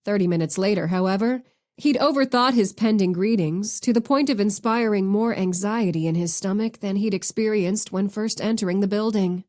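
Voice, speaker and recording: Woman audiobook narrator, steady expressive read. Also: medium pitch, moderate pace. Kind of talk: scripted narration.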